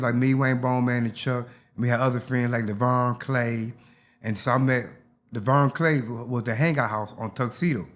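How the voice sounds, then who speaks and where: An older man, telling stories from his youth in a casual interview and acting out the voices. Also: medium pitch. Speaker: interview guest.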